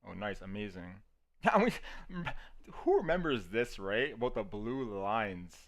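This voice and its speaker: A man's voice: lowish voice, measured pace. A man giving casual live-stream commentary on his trades. He swears freely, laughs often and keeps checking in with viewers by asking "right?". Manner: profane, excitable, laughs often.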